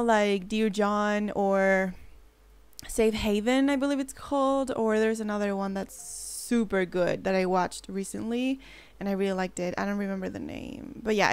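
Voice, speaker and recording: A woman's voice: mid-range voice, clear, resonant tone, no echo. A woman hosting a casual gameplay commentary, bubbly and rambling, often gasping and gushing as she talks. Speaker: let's play host.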